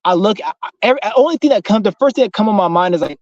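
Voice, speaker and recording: A man's voice: sits high, lively intonation, racing, no room sound. A young man giving a casual motivational rant to his viewers, blunt and profane, rambling with frequent restarts. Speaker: vlogger. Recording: slightly muffled lo-fi recording.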